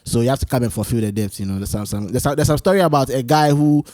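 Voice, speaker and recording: A man hosting his own solo talk show, rambling and animated as he tells stories, often restarting his sentences. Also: medium pitch, fast talker, no room sound, clean studio sound. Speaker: podcast host. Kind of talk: casual solo chat.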